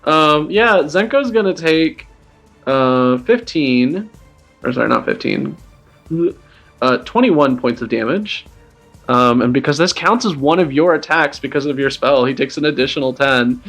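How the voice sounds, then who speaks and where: A man's voice: a little high, normal speed, gravelly, fairly bright tone, faint music behind. A man narrating as game master of a tabletop game, rambling with many fillers and laughing as he goes.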